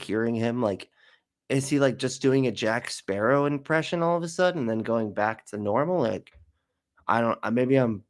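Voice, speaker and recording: A man hosting a casual reaction commentary, sarcastic and profane, often laughing. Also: mid-range voice. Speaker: commentary host.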